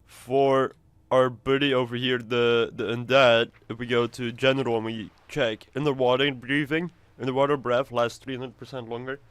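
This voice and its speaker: A man's voice: mid-range voice, level tone, moderate pace, few pauses, a bit bright, clear, resonant tone, no echo. A man giving casual, rambling gameplay commentary, swearing now and then. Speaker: gamer.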